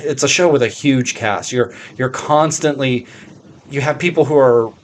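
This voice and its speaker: A man's voice: mid-range voice, moderate pace, slight background noise. A man co-hosting a podcast in casual chat, rambling with lots of "like" and a good deal of swearing. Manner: rambling, heavy on fillers and swearing. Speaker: podcast co-host.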